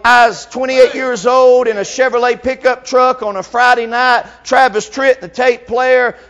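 A man's voice: very high-pitched, steady tone, moderate pace, a bit bright. A man in his fifties preaching a sermon fervently, with frequent filler sounds between phrases.

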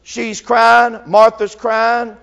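A man's voice: extremely high pitch, monotone, drawn-out words, gravelly, fairly bright tone. A man in his fifties preaching a sermon fervently, with frequent filler sounds between phrases.

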